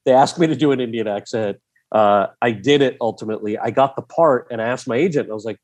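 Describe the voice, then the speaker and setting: A man in his forties tells a story as a podcast guest. He keeps it lively and animated and slips into the voices of the people he quotes, and his pitch stays in the middle range. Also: quick pace.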